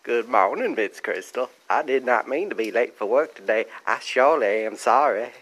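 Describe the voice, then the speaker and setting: A man doing a slow, earnest Forrest Gump drawl. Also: mid-range voice, lively intonation, a bit bright. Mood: apologetic.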